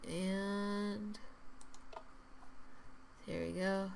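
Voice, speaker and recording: With a lowish voice and measured pace, a woman who hosts a gaming channel comments casually while building in a game, muttering under her breath, repeating words and starting phrases over. Her sign-off is loud and upbeat, and slight background noise is present.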